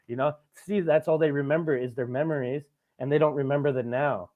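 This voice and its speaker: A young adult man hosts a podcast, rambling through profane stories in casual chat and laughing at his own tales. His mellow, slightly high voice moves a little fast with fairly even intonation, and the recording sounds tinny, like a phone.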